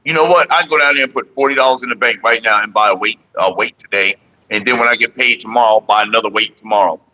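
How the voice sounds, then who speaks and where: A man's voice: lowish voice, fast talker, lo-fi sound. A man chatting casually and profanely on a morning livestream, rambling to his viewers and his partner. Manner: sings loudly and off-key at times. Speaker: vlogger.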